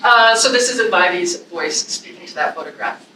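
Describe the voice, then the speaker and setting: A woman's voice: fairly low pitch, moderate pace, noisy background. A woman college English instructor giving a classroom presentation, chatting in asides and reading a poem aloud with feeling. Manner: expressive, emotional, chatty asides with fillers. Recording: echoey room from a distance.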